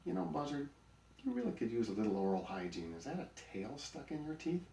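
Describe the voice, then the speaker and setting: A man's voice: mid-range voice, very animated, brisk, gravelly, mellow, slight background noise, voice pushed up. A man voicing a grumpy, greedy male donkey in a storybook, grumbling and sarcastic. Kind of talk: storybook character voice. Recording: roomy recording, mic at a distance.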